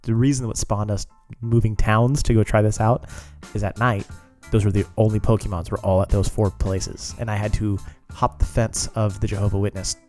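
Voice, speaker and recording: A male podcast co-host in loose, jokey banter who laughs often and swears now and then. His voice sits low and mellow. Faint music plays behind him. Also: flat delivery, moderate pace, hardly any pauses. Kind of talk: casual banter.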